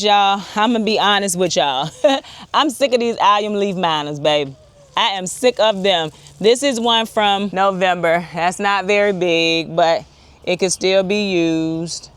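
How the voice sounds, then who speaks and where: A woman chatting excitedly to viewers while harvesting in her outdoor garden, talking straight to the camera. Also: medium pitch, a little slow, clean tone, no room sound. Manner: chatty and excitable, often addresses viewers as y'all. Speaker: urban homesteader, channel host. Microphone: wireless clip-on mic.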